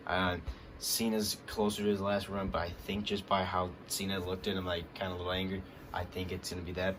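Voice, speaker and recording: A young man giving an excited, rambling recap of a wrestling show, full of fillers. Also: deep voice, a little hiss or hum. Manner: hyped, rambling, lots of fillers.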